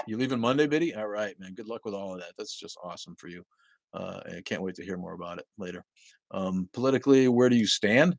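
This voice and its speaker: A man hosting a casual livestream from home, greeting viewers loudly, coughing often and swearing casually. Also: on the low side, animated, fast, gravelly, dry recording. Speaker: livestream host. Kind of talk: casual livestream chat reading viewer comments. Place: at home with a dog nearby.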